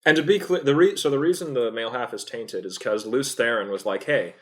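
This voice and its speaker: A man's voice: medium pitch, a little fast, fairly bright tone. A young man chats on a podcast, jumping in to correct and tease his co-host. He swears casually, and his delivery stays loose and playful. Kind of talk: casual chat.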